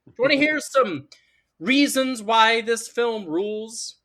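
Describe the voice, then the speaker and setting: A man's voice: extremely high pitch, expressive, unhurried, sharp tone. A man arguing the defense on a podcast in a playful, mock-lawyerly, grandiose way. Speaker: defense in a mock movie trial. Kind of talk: casual podcast debate.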